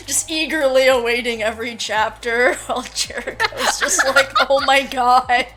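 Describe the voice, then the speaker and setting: A woman chatting casually with friends, laughing often and teasing in an animated way. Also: sits high, a little slow, soft background music. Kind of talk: casual chat among friends.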